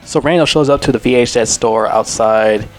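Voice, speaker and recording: A man's voice: medium pitch, moderate pace, faint music behind. A man in his twenties giving a casual, rambling and profane movie review. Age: 20s.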